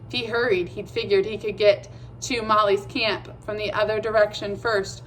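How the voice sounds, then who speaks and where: A woman narrating a children's chapter book with a steady, measured reading. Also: medium pitch, a little hiss or hum, low-quality recording. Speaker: audiobook reader. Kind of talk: storybook narration.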